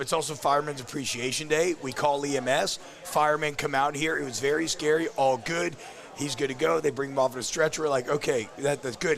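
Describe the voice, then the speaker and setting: A hoarse man, co-hosting a postgame sports show in a cigar bar and telling profane, excitable stories full of "dude.". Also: on the high side. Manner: loud, profane, excitable storyteller who says "dude" often. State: hoarse, coughing. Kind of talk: profane casual sports banter.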